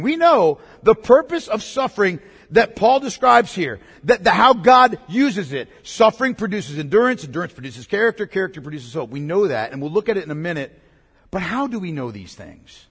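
A man's voice: high-pitched, slightly rough. A man preaching a sermon in an emphatic way, repeating key words and asking the congregation questions. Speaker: pastor. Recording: long reverb of a large hall.

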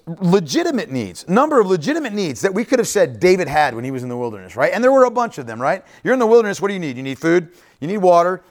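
Animated man preaching a conversational sermon. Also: a little high. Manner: conversational preaching, frequent "right?" asides and repeated phrases. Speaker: pastor.

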